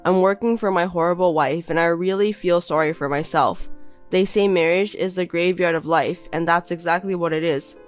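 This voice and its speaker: A woman's voice: lowish voice, moderate pace, soft background music, natural voice. A woman voicing a contemptuous young husband who belittles and bosses his wife in a text-message story. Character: scornful insulting young husband.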